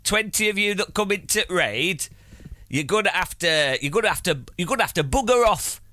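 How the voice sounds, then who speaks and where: A man's voice: high voice, expressive, a little fast, sharp tone. A man streaming live in a put-on Northern English voice, playing a bluff, swearing coal miner who drops his articles. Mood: mock-stern.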